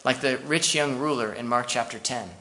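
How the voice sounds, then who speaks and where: A man's voice: mid-range voice, moderate pace, sharp tone. A man preaching a sermon as pastor, conversational and full of asides to the congregation.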